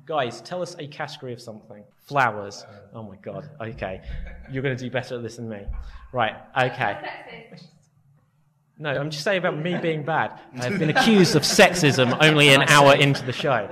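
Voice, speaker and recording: A man hosting a live improv comedy show, giving brisk, cheerful prompts. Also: medium pitch, animated, a crowd in the background.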